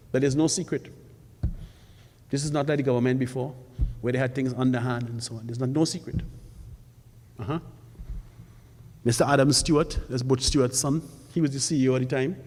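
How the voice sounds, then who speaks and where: A man's voice: mid-range voice, a little mellow. Emphatic man in a hall. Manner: emphatic, rhetorical questions, repeats for stress. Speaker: forum panelist. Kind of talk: public forum speech. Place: college forum hall. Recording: long hall reverb.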